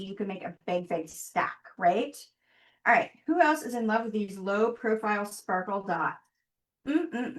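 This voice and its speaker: A woman's voice: medium pitch, reverberant. A woman hosting a live online craft workshop, talking to viewers in a chatty, upbeat way as she works. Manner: chatty, upbeat, talks to viewers while working.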